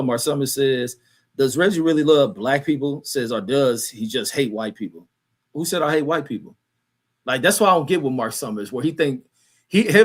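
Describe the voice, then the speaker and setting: A man at mid pitch runs a livestream, trading crude insults with his chat. He rambles in a heated, profane rant, stumbling through restarts and fillers as he reads comments aloud. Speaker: livestream host.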